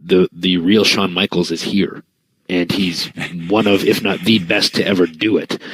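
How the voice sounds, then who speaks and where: A man with a low, husky voice co-hosting a podcast. He talks in an easygoing way, leaning on "you know" often. The recording is dry and close. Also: steady tone, normal speed, fairly bright tone, no echo, rough recording. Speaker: podcast co-host. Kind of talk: casual wrestling talk.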